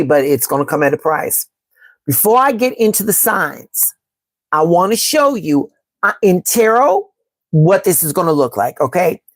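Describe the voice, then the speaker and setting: A Chicago woman with a lowish voice hosts a live-stream tarot reading, reading from the chat and calling her viewers "baby" and "y'all." She is emphatic and repeats herself. She is a tarot reader and astrology host, and there is no room sound.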